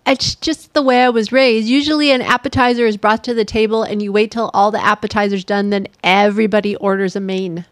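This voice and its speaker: A woman's voice: mid-range voice, fairly even intonation, fairly quick, few pauses, dry recording. A woman co-hosting a podcast in casual chat, answering with dry, teasing quips. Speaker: podcast co-host.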